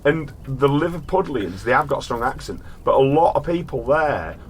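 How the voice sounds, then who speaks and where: A man's voice: mid-range voice, big pitch swings, moderate pace, slight background noise. A man co-hosting a podcast, chatting loosely, swearing freely and laughing easily, then reading a strange story aloud. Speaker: podcast co-host.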